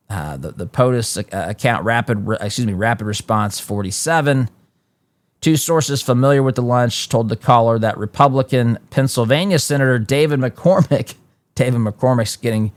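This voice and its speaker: A male talk-show host delivers a political commentary monologue. He reads news reports aloud and breaks off into emphatic asides, often restarting mid-sentence and jumping up in pitch to stress a point. His voice sits at an ordinary middle pitch, and the recording is close and dry. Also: no echo.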